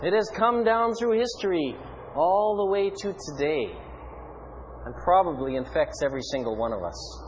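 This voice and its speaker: A man preaching a sermon in an animated, rhetorical way with playful asides. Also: sits high, moderate pace, muffled recording, a little hiss or hum.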